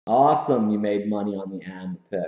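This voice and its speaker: A man's voice: on the low side, brisk, mellow. A man hosting a casual livestream from his home office, hyped and slangy, often laughing. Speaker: host. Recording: roomy, slightly dull room sound.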